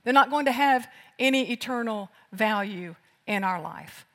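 A preacher delivering an emphatic sermon, moving from loud declarations to hushed lines. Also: mid-range voice, lively intonation, normal speed. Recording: long hall reverb.

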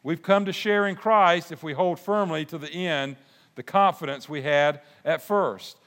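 An older man preaching a sermon, folksy and animated, with restarts and asides. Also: fairly high pitch, a little slow. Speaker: pastor. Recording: long hall reverb.

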